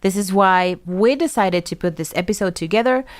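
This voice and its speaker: A woman's voice: medium pitch, fairly quick, dry recording. A woman with an accent, co-hosting a podcast and speaking frankly and playfully. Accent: non-native English. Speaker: podcast host, social media and branding strategist. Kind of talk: casual co-hosted podcast chat.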